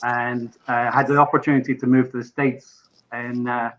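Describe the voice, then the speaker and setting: A man with an English accent, a podcast guest in casual chat, animated as he tells an anecdote with bursts of laughter. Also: mid-range voice, moderate pace, low-quality recording. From England.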